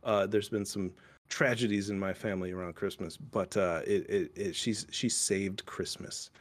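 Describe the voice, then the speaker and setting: A young man hosts a casual podcast chat in a fairly low voice. He rambles, trips over his words and swears without a second thought. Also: steady tone, normal speed. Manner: rambling, swears freely, many restarts. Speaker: podcast host.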